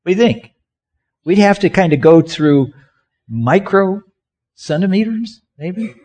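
A man's voice: high voice, animated, measured pace, pauses often, darkish tone. A man preaching a sermon as a pastor, asking the congregation questions and having them act out hand gestures as he talks. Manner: conversational, asks the congregation questions; has listeners act out gestures with their hands.

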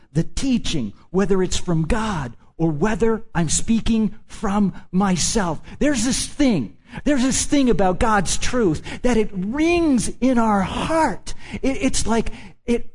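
A male preacher with a fairly high voice who delivers his sermon very slowly. He leans hard on his points and repeats key phrases for weight. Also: darkish tone. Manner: emphatic, repeats key phrases, acts out quoted reactions.

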